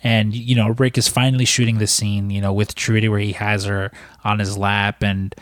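A man's voice: fairly low pitch, little pitch movement, normal speed, no room sound. A man recapping a film in casual, rambling talk, full of fillers and swearing. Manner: rambling, profane, lots of fillers. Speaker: podcast co-host.

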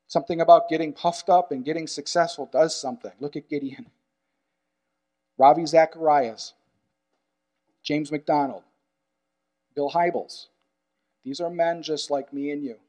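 A pastor preaching a sermon in an earnest, emphatic way, repeating key phrases and moving between loud urgent stresses and quiet asides. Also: male voice, a little high, a little slow, pauses often.

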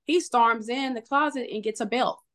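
A woman guest on a podcast, telling a painful personal story in an emotional, halting way, full of restarts. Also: a little high, fairly bright tone.

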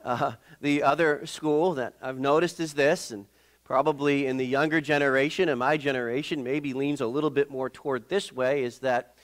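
A middle-aged male pastor preaching in a conversational, halting way, with many fillers and restarts. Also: mid-range voice, fairly even intonation. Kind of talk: sermon.

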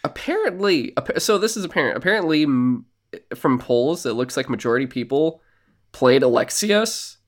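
A man co-hosting a casual podcast, recapping a video game and acting out character lines in quick put-on voices. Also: medium pitch, animated. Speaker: podcast co-host. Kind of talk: casual chat.

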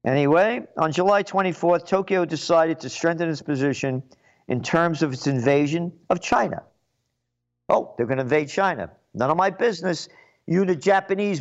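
A man from the Bronx, giving a sarcastic, indignant solo commentary and reading aloud with emphatic asides. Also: fairly high pitch. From the Bronx, New York. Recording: muffled lo-fi recording.

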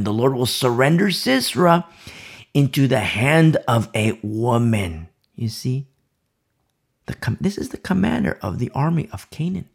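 A man preaching a Bible sermon with passion, dropping to hushed asides and repeating phrases for effect. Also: mid-range voice, animated, unhurried, creaky. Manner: impassioned, swings between loud emphasis and hushed asides.

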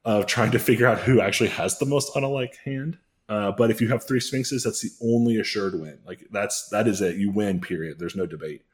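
A man's voice: on the low side, fairly quick. A man hosting a comedy podcast, recapping a story in a rambling, self-correcting way with dry jokes. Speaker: podcast host.

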